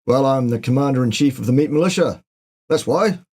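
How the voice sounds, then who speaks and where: A man's voice: medium pitch, lively intonation, brisk, a little mellow. A man hosting a live Q&A chat, joking, sardonic and swearing freely. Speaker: show host.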